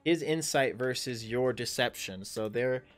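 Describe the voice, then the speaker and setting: A man in his thirties running a tabletop game as dungeon master, talking in a halting way with many fillers and restarts. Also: mid-range voice, faint music behind. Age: 30s. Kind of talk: narrating a tabletop game livestream.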